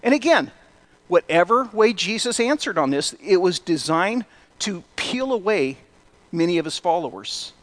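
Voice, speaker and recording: A man's voice: sits high, big pitch swings, moderate pace, fairly bright tone. A middle-aged man preaching a sermon in a conversational way, with self-deprecating asides. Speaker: pastor.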